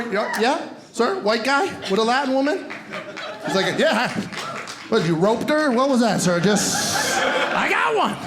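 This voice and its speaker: A man's voice: sits high, noisy background. A man doing stand-up comedy, teasing the crowd and talking straight to the audience. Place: comedy club stage with live audience. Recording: roomy live venue with audience laughter.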